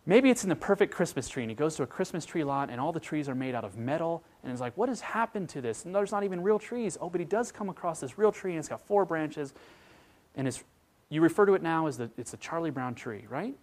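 A man preaching a sermon as pastor, telling a story with animated voices for its characters. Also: fairly high pitch, fast talker.

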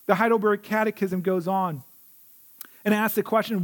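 A male pastor preaching an earnest sermon in a large church sanctuary, slowing down on key phrases for emphasis. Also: sits high.

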